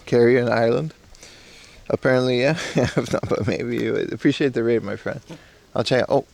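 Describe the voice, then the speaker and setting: Gravelly-voiced man live-streaming outdoors. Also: medium pitch, fairly quick, darkish tone. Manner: rambling, slangy, reads chat aloud. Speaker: IRL streamer. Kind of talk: casual live-stream chat. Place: outdoors in a park in Japan.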